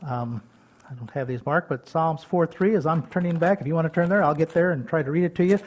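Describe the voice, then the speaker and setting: An older man preaching in a folksy, homey manner, with a fairly high voice. He chuckles often and drops from ringing calls to near whispers. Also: quick pace. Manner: swings between loud calls and soft whispers. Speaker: pastor. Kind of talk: sermon.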